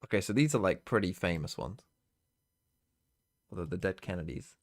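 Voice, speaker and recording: Low-voiced man muttering through a stream. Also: animated, moderate pace. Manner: muttering to himself, frequent swearing. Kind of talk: casual live-stream commentary.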